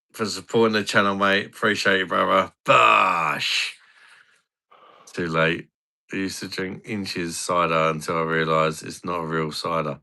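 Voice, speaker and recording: A man's voice: low voice, creaky, sharp tone. A man hosting a casual live stream, reading viewer comments aloud with blunt, crude banter. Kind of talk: casual pub-style live stream chat.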